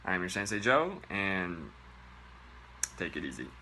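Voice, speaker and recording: Man from Japan, comic language-teacher host, swears freely, very bouncy pitch. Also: a little slow, very noisy. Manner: animated, profane, mocks bad pronunciation in exaggerated voices. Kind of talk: comedic online language lesson.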